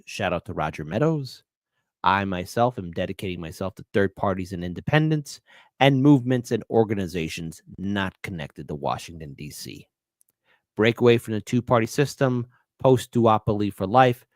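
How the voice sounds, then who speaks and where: A man's voice: fairly low pitch, dry recording. Blunt, profane livestream host, man. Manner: blunt and profane, swinging between ranting and joking. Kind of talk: casual political livestream talk.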